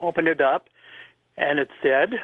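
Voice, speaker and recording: An older man from Indiana tells a personal story as a radio caller, his fairly high voice coming over a tinny phone line. He speaks earnestly and vividly and clears his throat from time to time. The sound is dry and close. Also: a little slow, dry recording. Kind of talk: telling a personal story on a call-in radio show.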